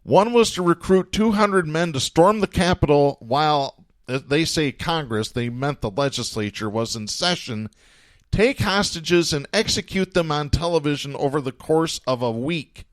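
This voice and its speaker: A higher-pitched man hosts a political talk show and reads news stories aloud with a dry, sardonic edge. He chuckles now and then as he reads. The sound is close and dry, with no room in it. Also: expressive, moderate pace, no echo. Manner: sardonic, chuckles while reading. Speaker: podcast host.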